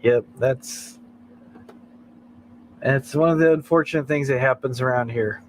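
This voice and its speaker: An American man hosts a late-night livestream, chatting casually in a rambling way and chuckling often between thoughts. He speaks at a measured pace in a medium pitch, and the recording is rough with slight background noise.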